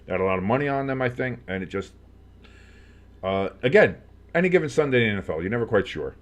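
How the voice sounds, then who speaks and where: A man's voice: mid-range voice, lively intonation, quick pace, lo-fi sound. Male fan calling games play-by-play, chatty, loose, lots of fillers, leaps up when plays break open. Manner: rambling, many fillers, jumps up on big plays. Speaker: sports fan commentator. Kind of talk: casual play-by-play with reactions.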